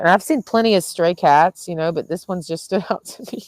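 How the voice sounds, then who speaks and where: Low-voiced young woman vlogging casually. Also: a little fast, few pauses, a little mellow, dry recording. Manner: chatty, swears freely, laughs often mid-sentence. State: tired with a headache. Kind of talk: casual rambling vlog.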